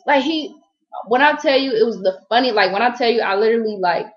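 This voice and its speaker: A woman's voice: fairly high pitch, animated, fast talker, highs cut off. A woman from Columbus, Ohio, telling a story in a casual vlog, rambling and slangy with lots of fillers. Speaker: vlogger.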